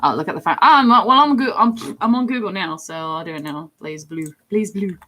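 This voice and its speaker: A young woman chatting casually on a live stream, giggly and self-deprecating, her pitch swinging widely as she answers viewers. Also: a little fast, pushed and bright, a little hiss or hum.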